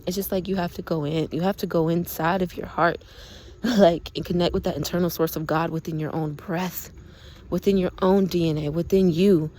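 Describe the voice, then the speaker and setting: A young woman talking in a casual, rambling spiritual monologue, earnest and quick to laugh, with lots of "like" fillers. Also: lowish voice, steady tone, dark tone, slight background noise. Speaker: spiritual vlogger.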